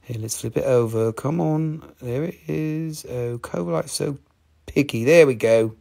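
A man hosting a live crystal sale, talking in an excitable, profane way with sudden jumps in pitch. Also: unhurried, creaky. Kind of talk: excited live sales chat.

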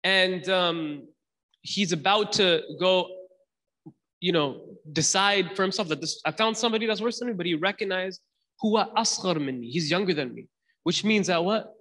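A man with a high, bright voice tells a story on a podcast, acting out each character's words. He mixes Arabic phrases into his English and keeps the telling lively. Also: normal speed, in a large hall. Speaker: host.

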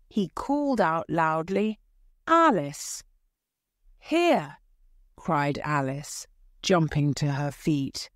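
A woman teacher reading a graded story aloud for English learners, clear and careful. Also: sits low, dry recording, studio quality. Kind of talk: slow scripted story narration for learners.

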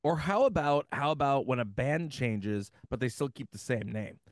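A man co-hosting a podcast in casual chat, talking haltingly with many restarts and laughing often. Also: medium pitch, lively intonation, no room sound, clean studio sound. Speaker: podcast co-host.

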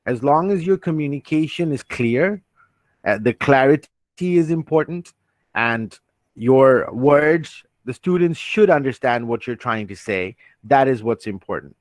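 A man's voice: mid-range voice, animated, unhurried, no echo. Earnest male trainer on a dry call. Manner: earnest, reassuring, restarts often, reads chat questions aloud. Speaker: online trainer. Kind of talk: online training session. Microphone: computer mic on a video call.

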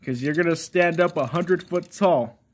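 A man's voice: fairly high pitch, a little slow. A man voicing a preachy father who lectures his son and keeps calling him "son.". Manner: repeats "son" constantly, lecturing.

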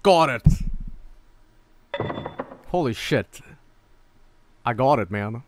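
A man streaming a horror game, reacting with excitable, profane commentary and frequent laughter. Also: mid-range voice, drawn-out words, noisy background.

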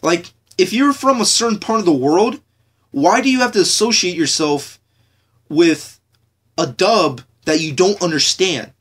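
A man's voice: high-pitched, animated, unhurried, fairly bright tone, breathy edge. A young man from the United States hosting a podcast, ranting casually with lots of swearing, fillers and restarts. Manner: profane, repetitive, frequent fillers and restarts. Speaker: podcast host.

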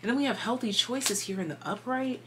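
A woman's voice: on the high side, animated, brisk, a bit bright, slight background noise. A woman giving a casual tarot reading, chatty and meandering, full of fillers, sometimes dropping to a whisper. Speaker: tarot reader.

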